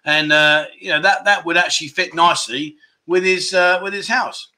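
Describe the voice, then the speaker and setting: Chatty bright-voiced man. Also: on the high side, steady tone, moderate pace. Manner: chatty, jokey, reads viewer comments aloud. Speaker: livestream host. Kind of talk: casual livestream chat.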